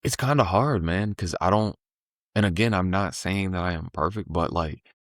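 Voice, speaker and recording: A deep-voiced man chats casually as a podcast guest, loose and slangy as he tells his story. The sound is dry and close, with no room around it. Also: moderate pace, dry recording. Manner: laid-back slangy storytelling, animated when voicing the market.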